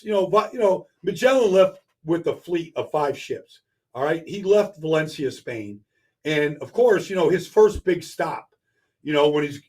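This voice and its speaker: A man talking sports on a radio show, emphatic and quick, repeating words as he builds each point. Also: on the high side, a little mellow, slightly rough. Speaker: regular guest analyst. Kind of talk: casual sports talk.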